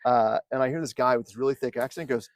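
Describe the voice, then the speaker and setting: Man, casual storytelling, animated, profane, dry recording. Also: medium pitch, fast talker, dry recording. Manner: animated, swears freely, acts out quotes. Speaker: podcast guest.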